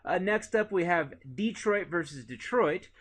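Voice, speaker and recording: Man lecturing, higher-pitched voice. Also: a little fast. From Indiana. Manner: relaxed, lots of "uh" fillers, conversational. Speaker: teacher. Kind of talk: recorded classroom lecture.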